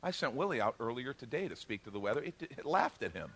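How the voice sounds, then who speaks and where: A middle-aged male pastor preaching a sermon, telling the story with animated, joking delivery and acting out the characters' lines. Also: mid-range voice, quick pace, a little hiss or hum. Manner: animated storytelling, acts out voices, jokes with the congregation.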